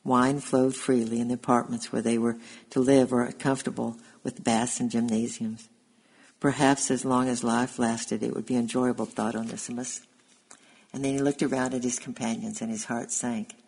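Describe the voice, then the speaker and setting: Story narrator: male, gravelly and husky, steady reading on an even line. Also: medium pitch, normal speed, poor audio. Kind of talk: reading a historical story aloud.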